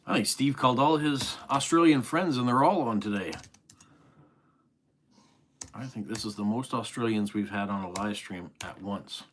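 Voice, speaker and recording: Middle-aged male host, East Coast Canadian accent, somewhat low voice, friendly and chatty as he reads out viewer comments. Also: normal speed, slight background noise. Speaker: live stream host. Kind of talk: casual live-stream chat reading comments.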